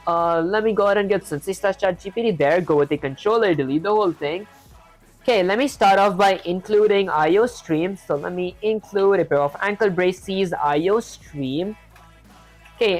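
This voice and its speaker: A woman's voice: mid-range voice, normal speed, soft background music, rough recording. A woman streaming herself coding, talking through each step and chatting with viewers in a loose, filler-heavy way.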